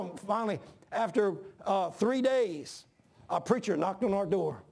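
Gravelly high-voiced preacher man. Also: expressive, a little slow. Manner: storytelling preacher, repeats phrases, rises to shouts. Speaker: pastor. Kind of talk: sermon.

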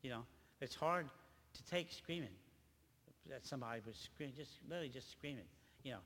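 An older man giving an emotional personal testimony at a church gathering, speaking haltingly and often repeating his words. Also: mid-range voice, a bit bright. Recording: reverberant hall, faint background noise.

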